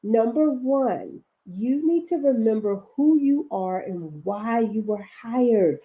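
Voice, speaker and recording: A woman's voice: on the high side, lively intonation, slow pace, husky, dull audio. A woman with a Baltimore accent giving a chatty, encouraging live-stream coaching talk to her viewers. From Baltimore, United States. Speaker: leadership career coach.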